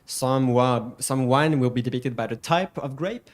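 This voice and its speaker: French man drawing out French names. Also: mid-range voice. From France. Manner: playful, drawn-out emphatic pronunciations. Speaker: co-host. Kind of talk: casual stream chat and pronunciation lesson.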